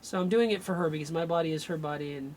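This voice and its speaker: A man's voice: fairly high pitch, fast talker, a little mellow, slight background noise. A man working as an energy healer, thinking aloud and breaking off mid-sentence as he runs a live remote healing session. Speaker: radio show host.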